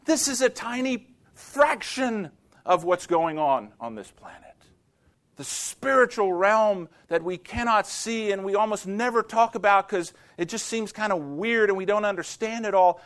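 A man preaching a sermon, dramatic, his voice swinging from loud to hushed. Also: high voice, expressive, measured pace. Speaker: pastor.

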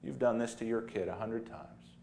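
A man preaching a sermon as pastor, animated and dramatic, building to emphatic high points. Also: moderate pace, gravelly.

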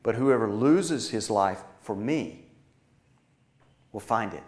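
Earnest male preacher, emphatic then hushed. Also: fairly low pitch, lively intonation, slow. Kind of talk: sermon.

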